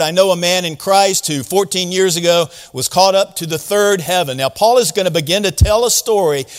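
A man with a high-pitched voice preaches to his congregation in a relaxed, conversational way. He slips into casual paraphrases of scripture and points out sarcasm. His voice carries a long, ringing hall reverb. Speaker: pastor. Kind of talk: sermon.

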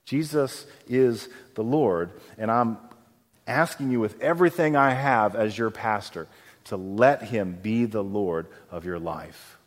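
A man preaching a sermon as pastor, telling a story with lively acted-out voices. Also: on the low side, unhurried. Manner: animated storytelling, acts out quoted voices. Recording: long hall reverb.

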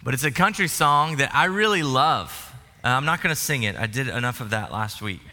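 A man's voice: medium pitch, expressive, fairly quick, pushed and bright. A male pastor giving a sermon in a church, talking conversationally with humor and asides. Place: church sanctuary. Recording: reverberant church hall.

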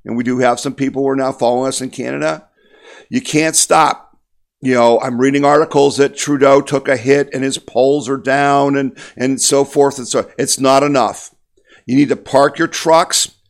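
A man giving an impassioned political monologue as a talk host, emphatic and repetitive, rallying his listeners. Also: medium pitch.

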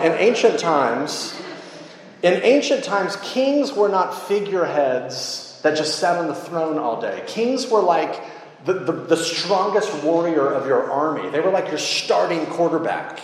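A fairly high-voiced man preaches with lively, joking energy, talking to the room casually, like he is chatting with them. His voice rings out in a large hall with a long, echoing reverb. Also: unhurried. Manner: animated, humorous, conversational. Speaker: pastor. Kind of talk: sermon.

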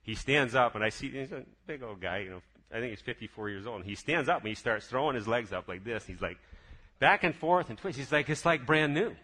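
A man telling his personal faith testimony in a casual, lively way, full of excited restarts. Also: mid-range voice, fairly quick. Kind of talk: casual spoken testimony storytelling.

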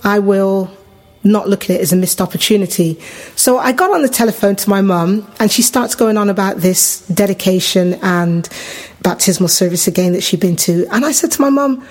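English woman telling her life story. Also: moderate pace. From England. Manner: animated, acts out quoted voices with big pitch jumps. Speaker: podcast host sharing her testimony. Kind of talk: personal storytelling.

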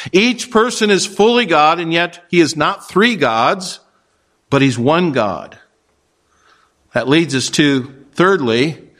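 Male pastor, slightly raised pitch, measured emphatic sermon delivery with dry asides. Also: bright, forceful tone. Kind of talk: expository sermon.

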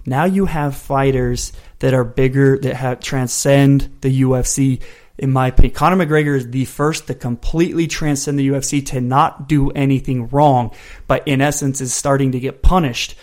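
Animated attorney co-host on a sports podcast. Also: male voice, medium pitch, moderate pace. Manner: animated, explains with legal and history analogies. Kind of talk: casual sports podcast chat.

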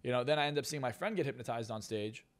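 Fast-talking boastful male coach. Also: medium pitch. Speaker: hypnotist and success coach, guest. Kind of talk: casual podcast interview.

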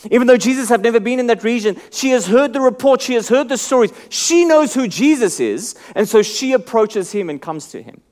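A man preaching a sermon. He moves between calm Bible teaching and rising, pleading appeals, then drops almost to a hush. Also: very high voice. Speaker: pastor.

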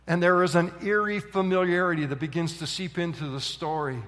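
A male pastor preaching a sermon, telling a story dramatically and swinging from loud excitement to hushed intensity. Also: fairly high pitch, fairly quick. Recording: long reverb of a large hall.

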